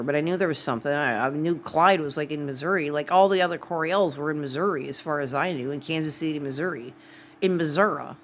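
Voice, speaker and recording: A Wisconsin woman vlogger with a Wisconsin accent talks to camera in a casual, rambling monologue full of digressions and asides. Her voice is low, with a little hiss or hum in the recording.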